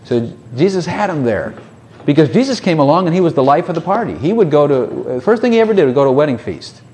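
A man's voice: fairly high pitch, very animated, fast talker, warm tone. A man preaching a sermon in a conversational way, with many rhetorical questions and short mocking voices.

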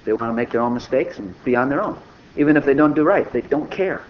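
A man's voice: medium pitch, animated, quick pace. An older man giving an informal, conversational sermon, acting out little dialogues as he goes. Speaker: preacher. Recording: dull lo-fi recording with faint noise.

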